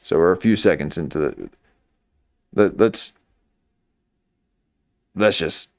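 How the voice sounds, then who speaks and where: Slow, rambling man with a low voice. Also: animated, gravelly, no echo, studio quality. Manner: mocking, meandering, full of restarts. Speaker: live-stream commentator. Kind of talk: rambling live commentary. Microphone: desk microphone.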